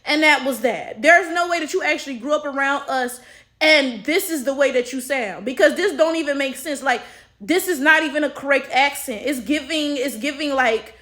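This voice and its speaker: A woman's voice: high-pitched, normal speed, a bit bright. A woman with an African American accent giving blunt, exasperated commentary and swearing freely. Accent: African American English. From United States. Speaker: commentary vlogger. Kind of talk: opinion commentary.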